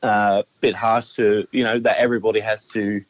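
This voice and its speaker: A man's voice: on the low side, level tone, normal speed, a little hiss or hum. A man on a phone call, speaking politely and earnestly while defending himself. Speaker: prank call target. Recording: muffled phone line.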